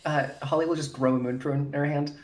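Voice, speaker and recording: Low-voiced woman playing a tabletop game. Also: steady tone, a little fast, crowd noise. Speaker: player. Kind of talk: casual tabletop play.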